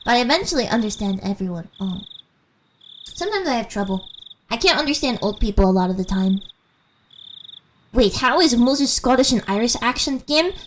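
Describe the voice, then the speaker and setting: A woman's voice: a little high, normal speed, pauses often, slight background noise. A young woman with a slight American mountain accent, chatting casually and giggling with viewers during a game stream. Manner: rambling, giggly, animated.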